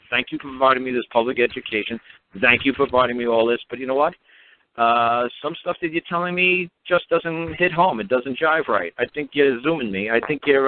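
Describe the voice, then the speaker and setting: A man in his fifties telling a rambling story on a talk show, acting out quoted dialogue as he goes. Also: medium pitch. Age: 50s. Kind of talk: casual storytelling monologue. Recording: tinny phone line with faint noise.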